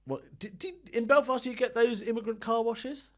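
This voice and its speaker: A man's voice: very high voice, a little fast. A male comedian guest telling funny anecdotes in a casual podcast chat, with the odd swear word.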